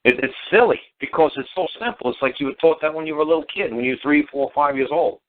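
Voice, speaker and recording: A man's voice: on the high side, quick pace. A middle-aged man telling stories casually as a talk show guest, rambling, repeating himself and swearing freely. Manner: rambling, repetitive, blunt and profane. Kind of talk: casual storytelling on talk radio. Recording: tinny phone line on talk radio.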